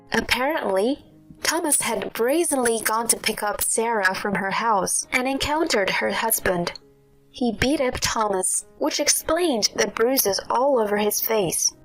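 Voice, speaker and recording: A woman reading a scripted first-person story in a steady storytelling manner. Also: a little high, rough recording. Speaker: narrator. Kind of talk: scripted narration.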